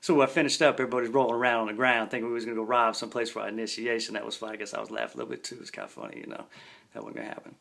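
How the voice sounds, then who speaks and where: A man's voice: on the low side, flat delivery, very fast, gravelly, fairly bright tone. A man in his forties telling a story in a laid-back, slangy way. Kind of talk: casual spoken storytelling.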